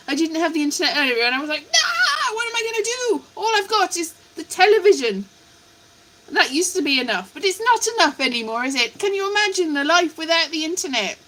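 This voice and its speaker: A woman chats on a live stream, rambling and scatterbrained as she greets viewers. Her voice is high and bright, and it swings up and down a lot. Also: slight background noise. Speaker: livestreamer. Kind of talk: casual live-stream chat.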